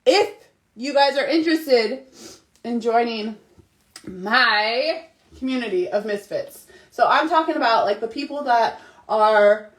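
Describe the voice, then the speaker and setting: A woman's voice: a little high, expressive, a little slow. A woman in her thirties, a mom talking casually and animatedly to her followers, emphatic and repetitive. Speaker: mom vlogger. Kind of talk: casual motivational monologue.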